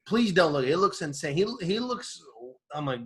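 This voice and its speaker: A man co-hosting a casual chat podcast, slangy and animated, acting out quotes with big jumps in his voice. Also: fairly high pitch, moderate pace. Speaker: podcast co-host.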